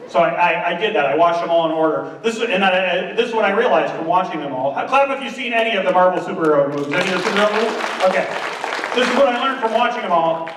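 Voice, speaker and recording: A man doing a stand-up comedy set, chatty and animated, who keeps asking the audience questions. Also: high voice, fast, some chatter behind, a little hiss or hum. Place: large room on stage before an audience. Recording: roomy hall, distant mic, audience.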